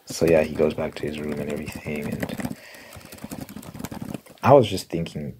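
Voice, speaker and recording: A young man telling a story in a soft-spoken ASMR style, casual and rambling with fillers. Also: extremely low pitch, fairly even intonation, normal speed, pauses often, background noise. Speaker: ASMR creator. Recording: keyboard clicking and typing sounds behind.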